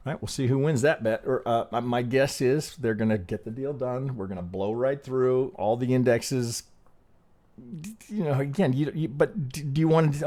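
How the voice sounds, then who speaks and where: A man's voice: medium pitch, moderate pace, darkish tone. Rambling male trading host. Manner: rambling, frequent "right?" tags and restarts; blunt, swears casually. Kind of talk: casual chart analysis walkthrough.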